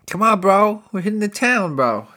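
A man's voice: sits high, big pitch swings, normal speed, sharp tone, pitched above the performer's own voice, full character voice. A man putting on a laid-back, generous male rap star who drawls and keeps saying "bro.". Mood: excited.

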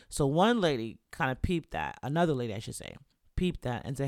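A man's voice: medium pitch, fast talker, no echo, studio quality. Chatty young man telling a story. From United States. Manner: animated, chatty, full of "like" and "you know". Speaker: rapper telling a travel story. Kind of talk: casual storytelling.

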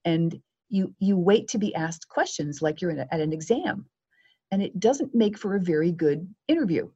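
Husky, low-voiced woman giving media advice. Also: normal speed, dull audio. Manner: lively, acts out quoted exchanges. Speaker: media coach guest. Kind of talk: podcast interview advice.

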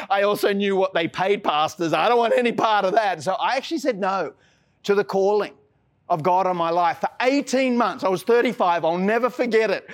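Aussie bloke preaching, pretty high voice, earnest but self-deprecating, middle-aged pastor. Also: male voice, fairly quick. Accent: Australian. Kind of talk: sermon.

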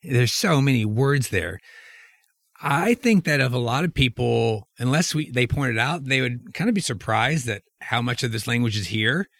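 A man's voice: medium pitch, animated, normal speed, gravelly, a bit bright, dry recording, studio quality. A man hosting a casual discussion and putting questions to the group. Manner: conversational, asks the group questions.

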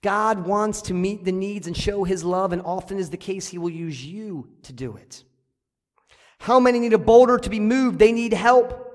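High-voiced preaching man in a hall. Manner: emphatic, repeats key lines slowly. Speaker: pastor. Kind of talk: sermon. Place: church sanctuary. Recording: hall reverb.

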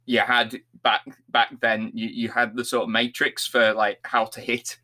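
A man with a bright, forward voice chats casually with friends. He is playful and jokey and laughs easily. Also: mid-range voice, little pitch movement, unhurried. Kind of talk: casual chat.

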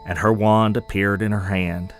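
Low-voiced male storyteller. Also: steady tone, soft background music. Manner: measured, descriptive storytelling. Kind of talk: scripted narration.

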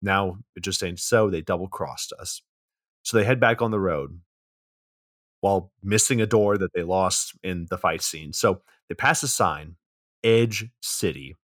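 A man's voice: sits low, unhurried, fairly bright tone, no echo, studio quality. A man co-hosting a podcast, casually recapping a film plot, swearing freely and laughing mid-sentence. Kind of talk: casual movie recap chat.

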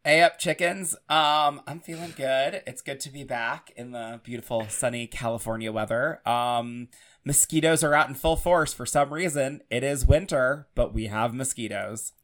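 A man co-hosting a podcast in casual, chatty talk, emphatic and quick to swear. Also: medium pitch, fairly bright tone. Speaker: podcast co-host. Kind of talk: casual chat.

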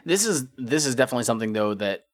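A man co-hosting a casual album discussion podcast, talking in a halting way with many fillers. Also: mid-range voice, expressive, no room sound. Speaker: podcast co-host.

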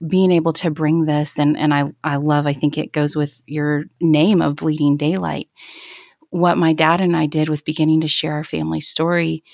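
A woman's voice: low voice, vocal fry, darkish tone, no echo, studio quality. A woman in her thirties sharing a personal faith story in an interview, earnest and reflective, often restarting her sentences. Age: 30s. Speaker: guest.

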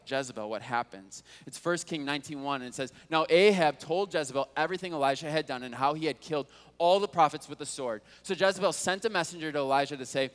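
A man preaching to his congregation, with a slightly higher voice than most men. He reads scripture and tells the story in a relaxed, conversational way, often asking his listeners questions. His voice rings out with a long reverb, as if filling a large church hall. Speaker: pastor. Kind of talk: sermon.

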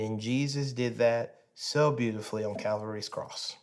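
A man in his thirties giving a sermon as a pastor, telling a family story and moving from hushed, soft moments to animated ones. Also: mid-range voice, moderate pace, hardly any pauses.

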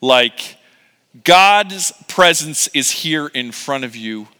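Bright-voiced male pastor preaching in a hall. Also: on the high side, animated, slow pace, clean tone. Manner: casual, joking, conversational preaching with many fillers. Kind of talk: sermon.

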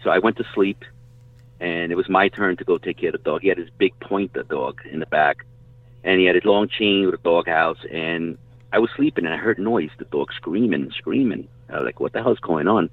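Over tinny phone-line audio with no room sound, a guest hunter swaps casual, rambling hunting stories, occasionally swearing. He's a middle-aged man whose voice sits low, and he speaks fairly quickly.

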